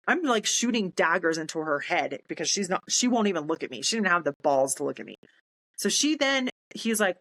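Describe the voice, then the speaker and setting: A woman's voice: sits low, lively intonation, fairly quick, fairly bright tone, rough recording. A woman, a military veteran telling her story in casual talk, acting out quoted voices and laughing in disbelief.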